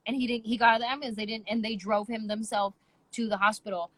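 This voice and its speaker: A woman in her thirties hosting a podcast, telling a story in casual chat with emphatic, animated delivery. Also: fairly high pitch, quick pace, no room sound, rough recording. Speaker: podcast host.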